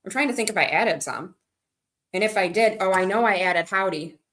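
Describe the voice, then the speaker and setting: Woman streamer, middle pitch, bright and forceful tone, rambling casual chat with her viewers. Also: fairly quick. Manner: chatty, rambling, reads out and answers viewer comments. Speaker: livestreaming vlogger.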